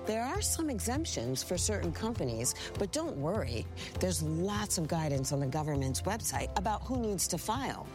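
A woman's voice: on the low side, very animated, moderate pace. A woman playing a friendly small business owner in a scripted radio ad, speaking in an upbeat, reassuring way over background music.

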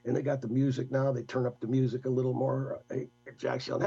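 An older man, a guest, telling a rambling, animated story in casual talk. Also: medium pitch, a little fast, vocal fry, few pauses, breathy edge, highs cut off. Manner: rambling, animated anecdote with laughs.

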